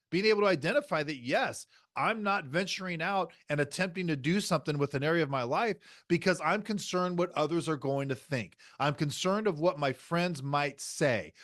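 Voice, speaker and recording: A man's voice: on the high side, lively intonation, moderate pace, a bit bright, no echo, clean studio sound. Emphatic man hosting a motivational podcast. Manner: emphatic, repeats key phrases. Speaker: podcast host.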